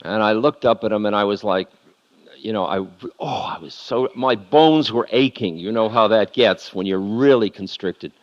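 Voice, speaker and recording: A male spiritual lecturer with a lowish voice, speaking at normal speed, candidly tells a confessional story and laughs at himself. The audio sounds like a muffled lo-fi tape.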